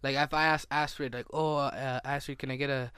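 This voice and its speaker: A young man talks loosely on a podcast at an average pitch. He rambles and restarts his sentences a lot. The sound is dry and close. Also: steady tone, a little fast, pushed and bright, clean tone, dry recording. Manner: rambling, many fillers and restarts. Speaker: podcast co-host. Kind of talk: casual chat.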